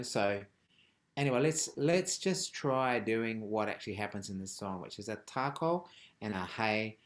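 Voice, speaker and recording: A man teaching a live online rhythm class over a video call, playful and jokey, with frequent ums and laughs. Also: fairly low pitch. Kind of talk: live online group lesson.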